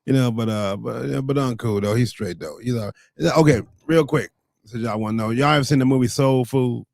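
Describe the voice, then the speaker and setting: A man's voice: medium pitch, brisk, vocal fry, darkish tone, no echo, studio quality. A man with a Chicago accent, co-hosting a podcast, chatting easily and telling stories with many fillers. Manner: easygoing, storytelling, lots of fillers. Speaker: podcast co-host. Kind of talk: casual chat.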